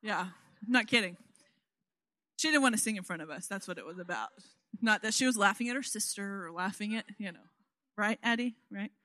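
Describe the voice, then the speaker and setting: A woman in her thirties giving a sermon, telling family stories in a chatty, animated way. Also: medium pitch, brisk, pauses often, no room sound, clean studio sound. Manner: chatty, animated storytelling with frequent "you know what?". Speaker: guest preacher.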